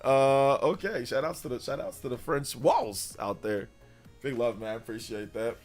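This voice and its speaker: A man's voice: medium pitch, normal speed, soft background music. A man in his forties hosting a gaming livestream, chatting casually in a blunt, rambling way that repeats itself.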